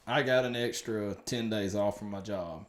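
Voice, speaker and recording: A man's voice: lowish voice, normal speed. A man, co-hosting a comedy podcast in a laid-back, dry way with some stammering. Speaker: podcast co-host. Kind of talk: casual chat.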